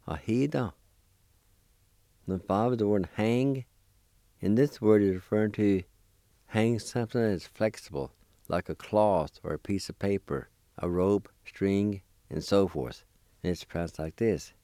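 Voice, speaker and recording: A man teaching a language lesson, spelling words letter by letter and slowly repeating each syllable. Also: on the low side, dark tone, no room sound, studio quality.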